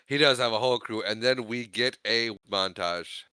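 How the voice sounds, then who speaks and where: A man co-hosting a podcast, recapping a movie in casual chat, laughing often and slipping into quick character voices. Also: mid-range voice, pushed and bright, clean tone, no room sound. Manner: chatty, laughs often, does quick character voices while retelling scenes. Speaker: podcast co-host.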